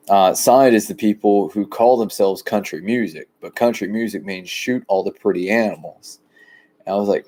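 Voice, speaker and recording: A man from the rural United States, talking in a rambling, plain, deliberately low-key monologue outdoors by a shed. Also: a little mellow. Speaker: vlogger.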